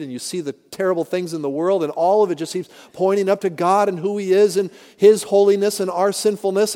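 A man's voice: high voice, mellow, in a large hall. A man preaching a sermon as pastor, emphatic and speaking directly to his congregation.

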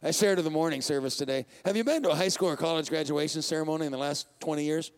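A man's voice: on the high side, rapid-fire. A man, preaching a sermon as pastor in a conversational style, putting questions to the congregation and laughing often.

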